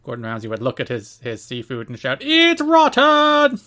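A man's voice: mid-range voice, little pitch movement, fast, a bit bright. A man co-hosting a podcast in casual chat, teasing his co-host with dry banter.

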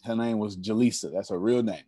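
Speaking a little fast in a warm, fairly low voice, a young adult motivational speaker tells stories at a members' meeting, preaching emphatically and addressing the audience directly. The sound is studio quality with no room sound.

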